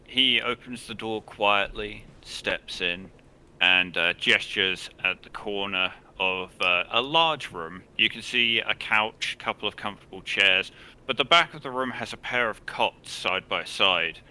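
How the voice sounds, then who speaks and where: A man narrating as game master of a tabletop game, describing actions in plain, halting phrases. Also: lowish voice, bright, forceful tone, clear, resonant tone.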